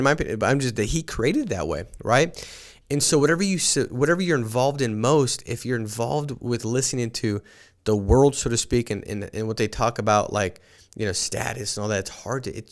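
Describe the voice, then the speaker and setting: A man hosting a morning podcast, telling stories in an earnest motivational talk and often restarting with repeated words. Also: fairly low pitch. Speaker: podcast host and sales team leader.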